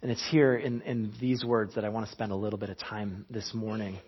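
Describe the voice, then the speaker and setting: A man's voice: lowish voice, level tone, brisk, slightly rough, lo-fi sound. A man in his thirties, a pastor giving a conversational sermon with chuckles and frequent restarts.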